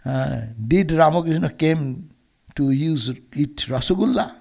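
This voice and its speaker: A man's voice: medium pitch, a little slow, creaky, warm tone. A man, a monk, giving a Sunday lecture as a storytelling sermon, earnest and often restarting or repeating words.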